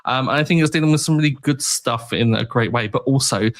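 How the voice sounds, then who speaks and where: Relaxed young man podcast co-host. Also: mid-range voice, fast talker. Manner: relaxed, rambling with fillers. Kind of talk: casual chat.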